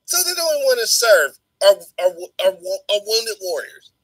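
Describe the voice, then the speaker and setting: A man's voice: high-pitched, very animated, normal speed, a bit bright, no echo, rough recording. A man hosting a talk show who rants fiercely and swears as he makes his points. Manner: fiery, swearing. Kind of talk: ranting talk show commentary.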